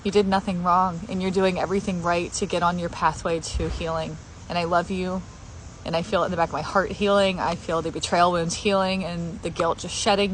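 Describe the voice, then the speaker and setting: A woman with a lowish voice speaks with heartfelt emotion, repeating gentle affirmations to her viewers. She is recorded with a faint hum of noise in the background. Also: flat delivery, fairly quick, rough recording. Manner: heartfelt, repetitive affirmations, tearful at times. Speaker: healing content creator. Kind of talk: emotional personal sharing to camera.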